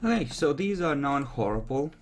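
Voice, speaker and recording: A man running a tabletop role-playing game as game master, slow and casual, laughing often and swearing lightly. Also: mid-range voice, animated.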